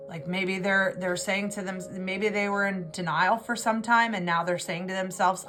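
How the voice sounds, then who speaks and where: A woman's voice: mid-range voice, steady tone, normal speed, few pauses, a bit bright, faint music behind. A woman giving an intuitive tarot reading, talking in an emotional, rambling way and often restarting her words. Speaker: tarot reader.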